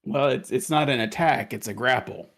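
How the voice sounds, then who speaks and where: A man narrating as game master for a tabletop game, halting and restarting often as he describes the action. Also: medium pitch, vocal fry, fairly bright tone. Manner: halting, with many restarts and fillers.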